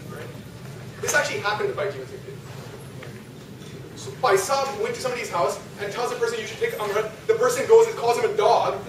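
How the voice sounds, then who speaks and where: A young man with a high voice gives a talk to an audience. He keeps it chatty and ends sentences with "right?" He sounds far from the mic in a very echoey, noisy hall. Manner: conversational, asks the audience, frequent rhetorical "right?". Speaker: lecturer. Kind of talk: religious youth talk.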